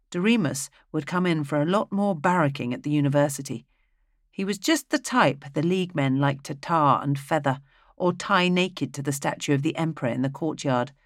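Audiobook narrator, steady even delivery, close dry recording. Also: medium pitch, no echo.

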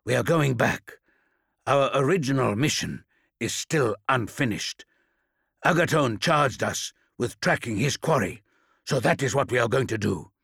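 A man's voice: mid-range voice, lively intonation, a little slow, creaky, fairly bright tone, breathy edge, dry recording, studio quality, exaggerated voice. A man growling as a guttural savage warrior. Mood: snarling. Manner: snarling, growled commands.

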